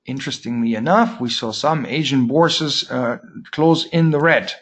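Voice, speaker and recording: A man's voice: medium pitch, normal speed, a bit bright, slightly rough. A man giving a weekly market update as a trading educator, with dry, sarcastic asides and many fillers. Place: lives in Germany.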